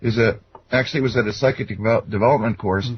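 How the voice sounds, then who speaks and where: A man's voice: on the low side, quick pace, a little hiss or hum. Rambling man telling anecdotes, lo-fi. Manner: rambling, anecdotal, many fillers and restarts. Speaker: guest. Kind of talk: casual storytelling interview. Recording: dull lo-fi sound.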